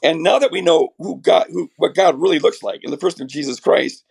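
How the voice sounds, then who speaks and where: A middle-aged man with a raspy voice from a chest cold, earnestly explaining theology as a podcast guest, restarting his sentences often. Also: fairly high pitch, brisk. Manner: earnest, builds ideas with many restarts.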